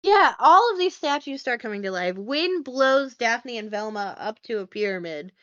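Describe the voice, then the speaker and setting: A woman podcast host walks her friends through a movie plot in a loose, rambling way, with plenty of fillers and wry asides. Her voice is smooth and clear. The recording is dry and slightly dull, like a lo-fi home podcast mic. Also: on the high side, expressive, normal speed, a bit bright, dry recording. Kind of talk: casual movie recap.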